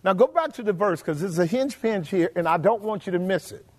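A man preaching a sermon, emphatic and full of rhetorical questions to his congregation, drawing out key phrases slowly. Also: high-pitched, animated. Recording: long hall reverb.

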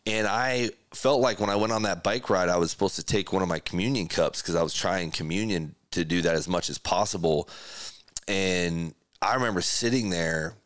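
A middle-aged man with a very low voice tells a personal story with earnest feeling, breaking off and restarting sentences as he goes. The sound is dry and close, with no room around him. He talks like a podcast host opening up in conversation. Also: moderate pace, a bit bright, dry recording. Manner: emotional, earnest, speaks in restarts and quotes.

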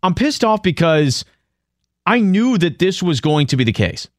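A male sports radio host venting in frustration, his voice slightly high. The sound is dry and close. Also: sing-song, normal speed, no room sound. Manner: frustrated ranting.

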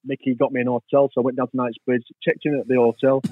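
A man's voice: medium pitch, level tone, fast, no room sound. Guy telling stories in an interview, tinny dry phone-ish sound. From England. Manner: rambling anecdotes, acts out quoted voices. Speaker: interview guest. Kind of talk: storytelling in a casual interview.

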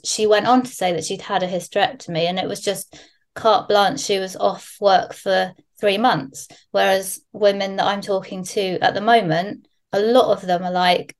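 A woman's voice: medium pitch, normal speed. Woman, podcast guest, candid storyteller, salty language. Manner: candid, swears freely, animated storyteller. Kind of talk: casual podcast chat.

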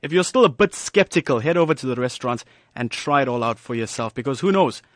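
A man's voice: mid-range voice, lively intonation, fast talker, slight background noise. Man reading an upbeat news feature. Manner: polished, upbeat feature delivery. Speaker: news reporter. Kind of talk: scripted news narration.

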